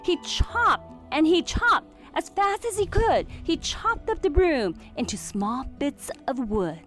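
Slow, expressive woman reading a storybook. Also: high voice, soft background music. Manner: expressive, clearly enunciated reading. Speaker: storybook reader. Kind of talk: children's storybook read-aloud.

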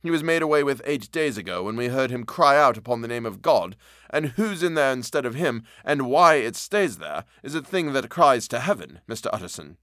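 A man's voice: mid-range voice, sing-song, brisk, a bit bright, no room sound, studio quality. A man voicing an anxious, loyal old male butler in a storybook reading, speaking harshly and urgently. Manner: harsh, broken, urgent pleading.

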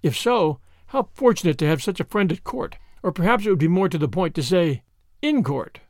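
Brief: man doing a cold, scornful schemer lady in a storybook reading, high and lilting, dry sound. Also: fairly quick, no room sound. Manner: calm, mocking, coolly superior. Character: cool, scornful, scheming society woman.

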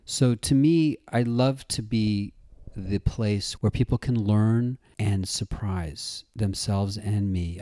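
A middle-aged man in a casual interview, telling stories in an animated way and acting out the people he quotes. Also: fairly low pitch, dry recording, studio quality. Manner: animated storyteller, acts out quoted voices. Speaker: interview guest, actor-writer-director.

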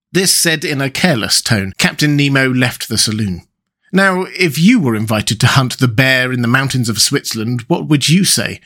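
A man narrating a classic novel in a measured, steady reading voice. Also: medium pitch. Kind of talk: audiobook narration.

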